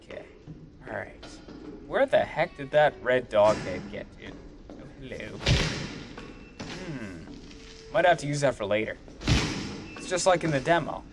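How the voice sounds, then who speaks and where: A man giving excitable let's play commentary, swearing and yelling at enemies as he plays. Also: medium pitch, unhurried, pauses often, over music. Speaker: gamer.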